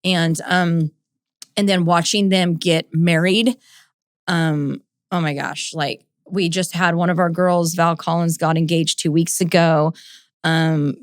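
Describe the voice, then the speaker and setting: A woman's voice: low-pitched, dry recording, studio quality. A woman in her thirties hosting a casual Q&A podcast, emotional and rambling, full of "like" and "oh my gosh.". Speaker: podcast host and ministry leader.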